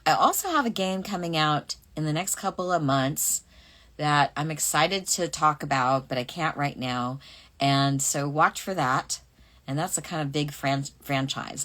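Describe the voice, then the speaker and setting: A middle-aged woman with a notably low voice talks casually through a fan Q&A. She reads each question aloud and muses over her answers in a relaxed, chatty way. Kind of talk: casual livestream Q&A.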